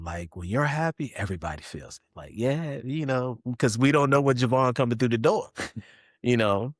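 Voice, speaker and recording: A middle-aged man telling his own story as a podcast guest, animated, jumping into other people's voices as he acts them out. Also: on the low side, no echo, studio quality. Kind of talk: candid personal storytelling.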